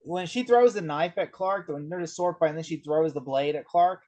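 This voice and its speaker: A man co-hosting a casual chat podcast, excitable and often laughing as he talks. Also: a little high, normal speed. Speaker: podcast co-host.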